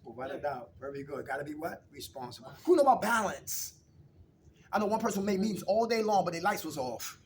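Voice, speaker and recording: Man, high voice, recovery group leader, call-and-response questions, faint room noise. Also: big pitch swings, fairly quick, distant mic. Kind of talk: recovery meeting talk.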